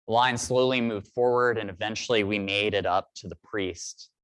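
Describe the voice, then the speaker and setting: A man in his thirties preaching a sermon in a church, telling a reflective story at a measured pace with pauses. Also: lowish voice, fairly bright tone, smooth, no room sound. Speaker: priest.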